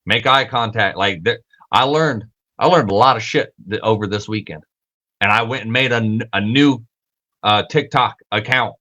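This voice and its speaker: A young man talks casually on his livestream, rambling and correcting himself as he goes. He swears freely and leans on filler words. His voice sits a bit low, with a bright, forceful edge. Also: moderate pace. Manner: rambling, profane, self-correcting, repeats fillers. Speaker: podcast host.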